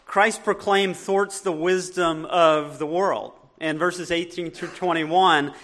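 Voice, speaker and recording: A man's voice: high voice, a bit bright. A man with a Southern US accent preaching a sermon as a pastor, earnest and emphatic, often restarting his sentences.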